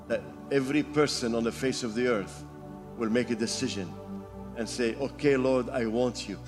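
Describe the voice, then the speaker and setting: A man in his seventies from Lebanon, preaching a sermon as pastor, rising fervently and then dropping quiet for personal stories. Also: mid-range voice, unhurried, long pauses. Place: church sanctuary. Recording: long hall reverb with faint music.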